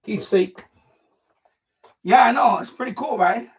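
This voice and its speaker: Picked up by a distant, dull lo-fi mic, a middle-aged man talks on his live stream while he tidies and moves around his home studio. His voice sits high, gravelly and slightly rough, at a normal pace. The chatter rambles, out of breath, packed with fillers and restarts.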